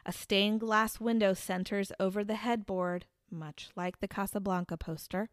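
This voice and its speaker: A woman's voice: mid-range voice, fairly even intonation, moderate pace, no room sound, studio quality. A woman casually retelling a true crime case to a friend, building to dramatic reveals with restarts and fillers. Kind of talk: casual storytelling chat.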